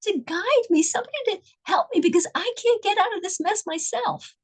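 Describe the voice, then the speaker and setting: A woman's voice: extremely high pitch, a little fast, voice pushed up, rough recording. A woman voicing a desperate father crying out to God. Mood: pleading. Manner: pleading, desperate outcry.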